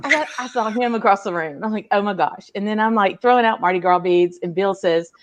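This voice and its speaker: A woman's voice: medium pitch, fairly quick. Chatty woman telling a story. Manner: chatty storytelling with laughs and fillers. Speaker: guest on a live video hangout. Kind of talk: casual chat.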